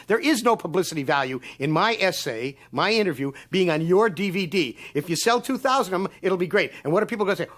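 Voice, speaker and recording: Angry, ranting older man, high voice. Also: expressive, a little fast, few pauses, fairly bright tone. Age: 70s. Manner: angry, sarcastic, profane ranting; acts out the people he quotes. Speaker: interviewee, writer. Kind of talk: documentary interview rant.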